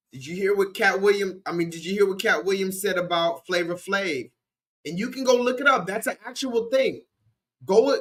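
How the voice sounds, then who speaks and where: A man's voice: high voice, fairly bright tone. A man hosting a livestream, chatting casually and talking straight to his viewers. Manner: chatty, addresses the viewers directly. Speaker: livestream host.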